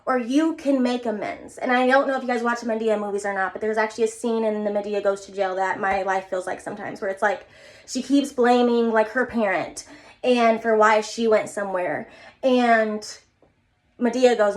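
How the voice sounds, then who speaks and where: Casting note: earnest young woman vlogger with a fairly high voice, rambling through a heartfelt pep talk. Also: steady tone, moderate pace. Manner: earnest, rambling, repeats herself. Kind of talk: casual motivational monologue.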